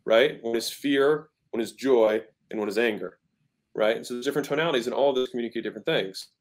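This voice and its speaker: Talking fast in a mid-range voice, the guest entrepreneur teaches sales during a relaxed interview. He speaks emphatically, keeps asking "right?", and imitates different tones of voice to illustrate ideas.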